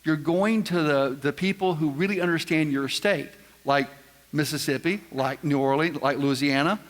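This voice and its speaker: Man, seminar speaker, folksy and joking, somewhat high voice, long hall echo. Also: moderate pace. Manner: quizzes the crowd, folksy and joking. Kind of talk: live seminar talk to an audience. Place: large event room with audience.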